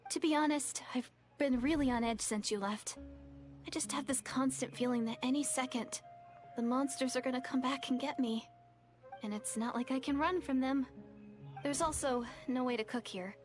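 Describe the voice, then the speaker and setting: A woman's voice: sits high, moderate pace, faint music behind, lightly acted. A woman voicing a nervous lost young girl in a video game who speaks with an oddly precise edge.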